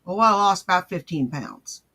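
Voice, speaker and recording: A man hosting a mocking reaction commentary, his voice high and bright. He swings widely in pitch as he sneers and swears at what he's watching. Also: big pitch swings, moderate pace, husky. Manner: crude, profane and sneering. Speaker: commentary host.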